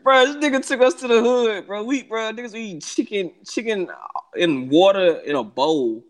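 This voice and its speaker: A man's voice: sits high, moderate pace. A man co-hosting a podcast in slangy casual banter, joking and laughing a lot. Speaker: podcast co-host.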